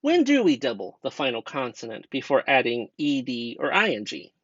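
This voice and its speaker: A man's voice: mid-range voice, wildly swooping pitch, normal speed, a bit bright, no room sound. A young man from the United States, a student teacher narrating a grammar lesson in a patient, step-by-step way and asking the class rhetorical questions. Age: young adult. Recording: dull dry lo-fi voice-over.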